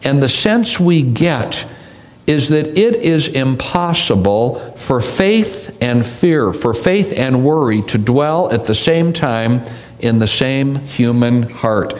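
Slow-speaking male preacher. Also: mid-range voice, expressive. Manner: slow, deliberate, dramatic pauses and repetition. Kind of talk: sermon with scripture reading.

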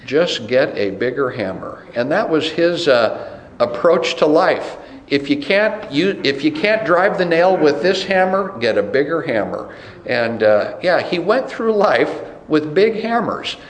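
A man's voice: on the high side, big pitch swings, measured pace. A man preaching a sermon as pastor, emphatic and repeating phrases for stress. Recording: roomy echo.

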